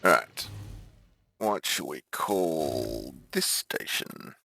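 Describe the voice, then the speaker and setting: A man's voice: a bass voice, very animated, drawn-out words, gravelly, bright, forceful tone, no echo, studio quality, soft background music. A man streaming a game, chatting casually, thinking aloud and laughing often. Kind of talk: casual gameplay chat.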